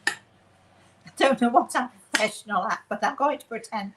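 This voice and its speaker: A woman's voice: on the high side, steady tone, a little slow, heavy background noise. A woman with an English accent hosting a casual home cooking demonstration in her kitchen, chatting in a rambling way and making self-deprecating asides. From England. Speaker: cooking show host.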